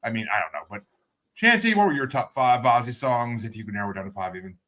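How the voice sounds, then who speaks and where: A man's voice: medium pitch, sing-song, fast talker, sharp tone. A man hosting a music podcast, chatting casually and animatedly. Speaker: podcast host.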